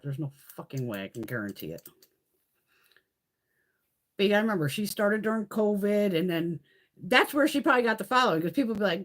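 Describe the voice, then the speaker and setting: A woman hosting a casual live makeup stream, chatting in a blunt, profane, ranting way as she swatches products. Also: mid-range voice. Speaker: beauty livestream host. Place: home, in Connecticut.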